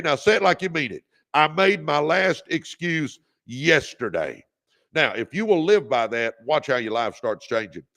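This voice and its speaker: Gravelly man preaching success. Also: mid-range voice, a bit bright. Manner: preachy, exhorting, leads call-and-response; reads out viewer comments. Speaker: host. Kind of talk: motivational livestream talk. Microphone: phone or webcam on a livestream.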